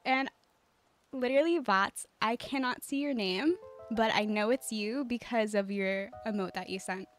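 A woman's voice: on the high side, moderate pace. Chatty, giggly woman streamer. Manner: chatty, giggly, many filler words; calm, cozy delivery. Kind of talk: casual chat while playing a life-sim game. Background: faint game music.

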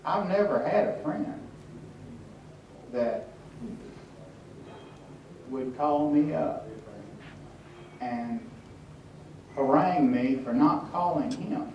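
Slow, wry man in an echoey room. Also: on the high side, animated, far from the mic, muffled recording, a little hiss or hum. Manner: slow, wry, halting with many restarts. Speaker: author speaking at a tribute event. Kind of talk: storytelling talk to an audience. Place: hotel event room with audience.

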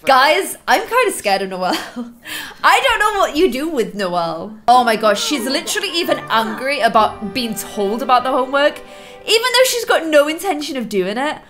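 A woman's voice: high-pitched, moderate pace, soft background music. A young woman commentating a life-sim game, gasping and scolding the characters as she plays. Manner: animated, gasping, teasing asides to players. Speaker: let's play host. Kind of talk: casual gameplay commentary.

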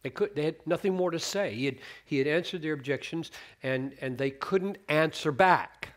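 A middle-aged man preaching a sermon, teaching on scripture in an earnest, animated way and quoting verses with changing emphasis. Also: fairly high pitch, normal speed.

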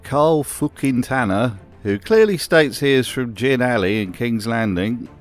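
A man's voice: mid-range voice, expressive, a little slow, faint music behind. A man narrating a scripted commentary video with a dry, sardonic manner.

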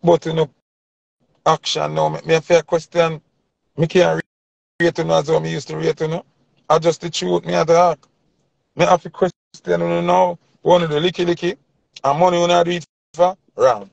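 A man's voice: on the high side, little pitch movement, moderate pace, gravelly, pauses often, darkish tone, dry recording, dull audio. A man with a Jamaican accent giving an impassioned opinion rant in heavy patois, preaching and repeating his points for emphasis. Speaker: commentator.

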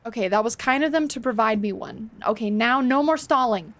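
A woman's voice: on the high side, brisk, no room sound. A woman live-streaming a game, chatting to viewers, swearing freely and laughing often.

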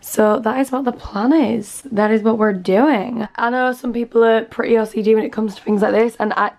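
A woman's voice: mid-range voice, darkish tone. A young British woman in her twenties, chatting casually and upbeat to camera in her bedroom at home, filming on a handheld phone. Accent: British English. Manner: chatty, upbeat, rambling with fillers. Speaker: vlogger.

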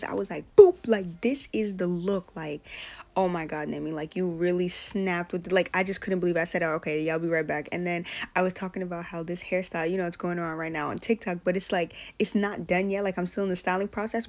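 A young woman vlogging in casual chat, excitable and slangy, often laughing. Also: on the low side, fairly quick. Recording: roomy indoor echo.

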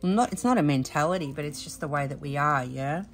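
Speaking quickly and expressively in a low register over music, this Australian woman talks through her diamond painting session at home. Her chat wanders, full of fillers and false starts, and she comes across as emotional and worn out, saying as much.

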